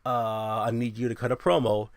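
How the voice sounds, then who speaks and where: A man voicing a calm male wrestling promoter in a low, hushed tone. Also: normal speed, no echo, clean studio sound, close to an everyday voice. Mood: instructing.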